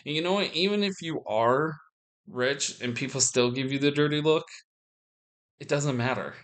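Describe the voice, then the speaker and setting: A man's voice: a little high, normal speed, a bit bright. Rambling young man vlogging. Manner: meandering, frequent restarts and swearing. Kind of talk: rambling casual monologue.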